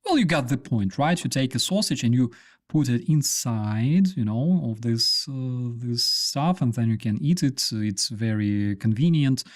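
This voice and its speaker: A man's voice: medium pitch, expressive, a little slow. A man hosting a live stream, rambling casually with many fillers and restarts.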